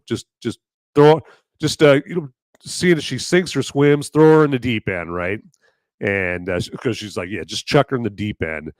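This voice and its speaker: A man hosting a live podcast, talking in a hoarse voice in a rambling, jokey way. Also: lowish voice, no echo. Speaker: podcast host. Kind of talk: live casual chat.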